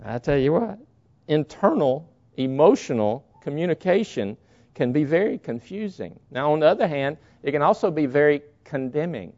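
A man's voice: on the high side, sing-song, moderate pace, mellow. A man preaching a sermon in a folksy, storytelling way. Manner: folksy storytelling, acts out quoted voices. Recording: dull lo-fi recording.

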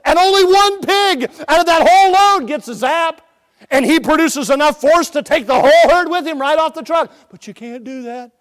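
High-voiced preacher telling folksy stories. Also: male voice, moderate pace. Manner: folksy storytelling, swings between loud bursts and quiet asides. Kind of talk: sermon.

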